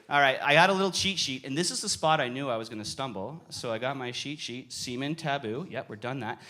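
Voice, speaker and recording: A young man performing a stand-up comedy set on a club stage, with animated delivery and sudden yelling bursts as he acts out stories. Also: mid-range voice, normal speed, slight background noise. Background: audience laughter.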